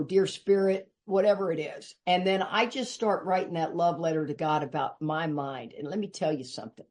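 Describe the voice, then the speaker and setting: An older woman from Texas with a Texan accent, giving an earnest, emphatic personal share at a recovery meeting. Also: a little mellow. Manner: earnest and emphatic, rising in pitch when urging listeners.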